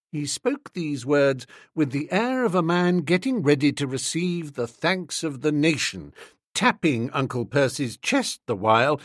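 A man narrating a comic novel in the first person, wry, expressive, and playful. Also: on the high side, no echo, clean studio sound. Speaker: audiobook narrator.

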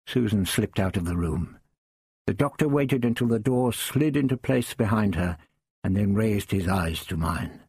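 A man reading a first-person story aloud in a measured, understated way. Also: fairly low pitch, darkish tone, breathy edge, no echo, clean studio sound. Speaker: audiobook narrator.

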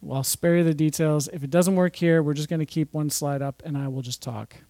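A man's voice: fairly high pitch, steady tone, a little fast, mellow, no echo. A man giving an informal Bible teaching, reading scripture with chatty, jokey asides. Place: church or fellowship hall.

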